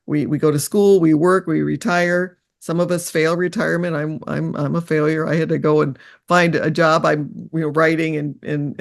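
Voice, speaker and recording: An older woman, a guest in an interview, telling personal stories in an earnest, reflective, halting way. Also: low voice, vocal fry.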